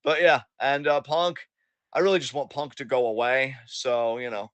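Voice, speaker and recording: A man's voice: medium pitch, fairly even intonation, moderate pace, a bit bright, dry recording. A man co-hosting a casual wrestling recap podcast, swearing freely and sarcastically acting out what the wrestlers said. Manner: profane, sarcastic, acts out quotes. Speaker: podcast co-host.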